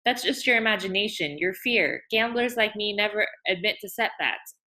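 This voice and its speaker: A woman's voice: medium pitch, moderate pace, bright, forceful tone, pitched above the performer's own voice, natural voice, rough recording. A woman reading aloud and voicing a hunted male outlaw, bitter and defiant, with tense, clipped replies.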